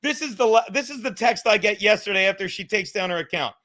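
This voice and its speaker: A man in his thirties rants on his own podcast from his couch at home, rambling, cursing and getting worked up. His voice sits high for a man, with a bright, sharp edge. It sounds like a home camera setup. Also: expressive, fast talker. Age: 30s. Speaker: podcast host. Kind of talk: profane livestream rant.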